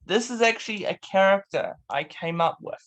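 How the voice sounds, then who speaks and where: A young man hosting a casual interview, playful and quick to laugh. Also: high voice, fairly bright tone. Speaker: host. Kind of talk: casual chat.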